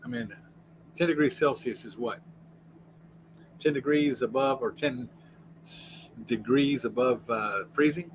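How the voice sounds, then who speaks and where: A man's voice: medium pitch, measured pace, pauses often, a little hiss or hum, rough recording. An American man hosting a casual livestream from inside his RV, rambling and answering the chat as he goes. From United States. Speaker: livestream host.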